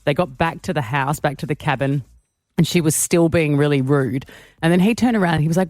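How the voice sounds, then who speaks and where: A woman radio host telling stories with animated banter, laughing often and acting out the quotes. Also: sits low, fairly quick, dry recording, studio quality.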